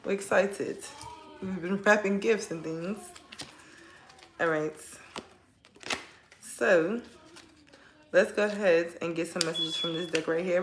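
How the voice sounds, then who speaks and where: A woman's voice: on the low side, background noise. Chatty woman reading tarot in an echoey room. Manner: chatty and heartfelt, addresses viewers directly. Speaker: tarot reader. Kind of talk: casual tarot reading to viewers. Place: at home, kids nearby.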